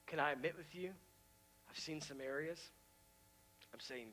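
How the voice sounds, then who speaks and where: Man, pastor, sermon, emphatic, repetitive, hushed to loud, high pitch. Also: normal speed.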